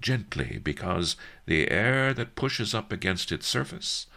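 A man voicing a calm, elderly male scholar who explains things in a measured way for a storybook reading. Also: on the low side, vocal fry, voice pushed up, full character voice. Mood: explaining.

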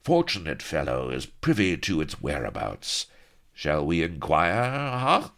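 A man's voice: very deep voice, huge pitch swings, unhurried, a bit bright, full character voice. A man voicing a scheming male pirate who talks silkily and mockingly. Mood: silky. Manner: silky, mocking.

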